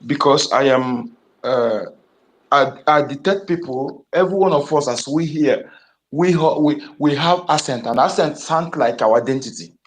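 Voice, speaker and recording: A man's voice: medium pitch, moderate pace, slight background noise. A man with a Nigerian Igbo accent speaking in an online discussion, emphatic and repetitive, with frequent restarts. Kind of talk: impassioned political talk.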